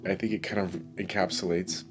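Deep-voiced man hosting a reflective podcast. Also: music in the background. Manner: relaxed, reflective, with pauses and fillers. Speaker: podcast host and musician. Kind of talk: casual solo podcast monologue. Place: New York City.

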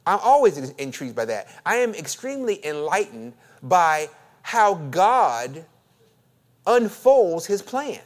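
A man's voice: high-pitched, very animated, unhurried. A man preaching a sermon, reading scripture aloud and joking as he acts out the voices of the story. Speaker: pastor.

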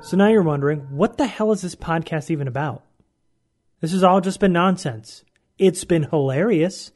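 A man's voice: a little high, moderate pace, a little mellow, soft background music. A man hosting his own podcast in a casual monologue, joking and poking fun at himself as he rambles. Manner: jokey, self-mocking, rambling. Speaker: podcast host.

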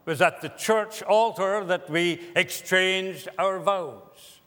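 A pastor delivers his sermon at an unhurried, deliberate pace, leaning on pauses for emphasis. His voice sits a little high for a man. It rings out with a long reverb, as if from a large church sanctuary. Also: a bit bright.

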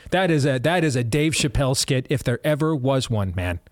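A man hosts a talk radio show, wandering from story to sponsor read in a loose, self-interrupting way. His voice sits at an ordinary middle pitch. The sound is close and dry, with no room around it. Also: expressive, fairly quick, dry recording. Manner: rambling, self-interrupting, chuckling asides.

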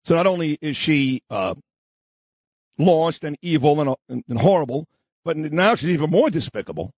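A man hosting a talk radio show, delivering a combative, opinionated monologue and shouting down those he disagrees with. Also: a little high, lively intonation, moderate pace, husky, dry recording. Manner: combative, insulting, repeats himself, shouts down opponents.

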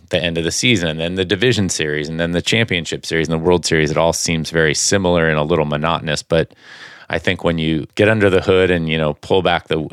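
A man's voice: extremely low pitch, a bit bright, clear, resonant tone, no room sound, studio quality. A man co-hosting a sports podcast, chatting casually and rambling with many fillers and restarts.

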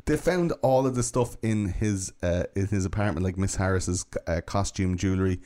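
A man's voice: low voice, normal speed, warm tone. A man hosting a podcast, telling a true-crime story in a casual, profane, joking way. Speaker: podcast host.

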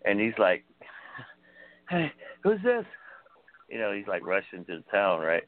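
A man telling a story in an animated way, chuckling between lines. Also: sits low, brisk. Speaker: guest storyteller. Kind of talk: casual storytelling. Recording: tinny phone-like sound.

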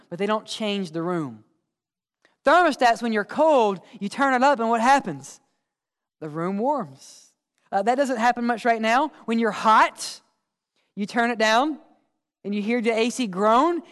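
Man preaching in a reverberant church. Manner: asks the congregation questions and answers them; drops to a hushed low voice for emphasis. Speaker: pastor. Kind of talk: sermon. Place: church sanctuary. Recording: long hall reverb.

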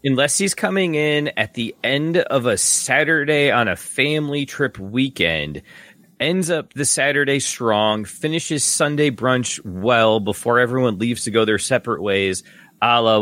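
Bright-voiced man spinning rambling hypotheticals. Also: medium pitch, moderate pace, dry recording. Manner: rambling, builds long hypotheticals. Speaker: podcast co-host. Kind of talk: casual sports chat.

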